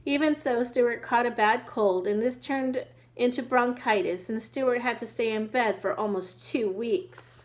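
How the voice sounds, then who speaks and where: A woman reading a children's book aloud at a steady pace, now and then restarting a word. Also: fairly high pitch, unhurried, poor audio. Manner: steady reading with occasional restarts over words. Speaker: reader.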